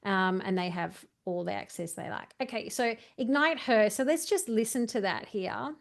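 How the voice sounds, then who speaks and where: A woman's voice: mid-range voice, moderate pace, creaky. A woman coaching a video editing tutorial, chatty and walking through each step while correcting herself as she goes. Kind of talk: screen-share editing tutorial.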